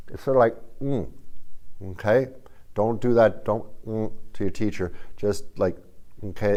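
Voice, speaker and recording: Folksy, animated man teaching kids. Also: on the low side. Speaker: music teacher. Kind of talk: instructional video lesson for kids.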